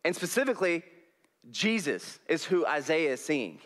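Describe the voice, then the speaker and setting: A young male preacher, giving a folksy, animated sermon in a church hall on a headset mic and laughing often. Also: fairly high pitch, moderate pace.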